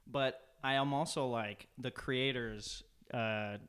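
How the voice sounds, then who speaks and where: A man's voice: medium pitch, steady tone, slow, fairly bright tone, smooth. A young man co-hosting a podcast, joking and rambling with lots of swearing. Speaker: podcast co-host. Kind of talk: casual profane chat.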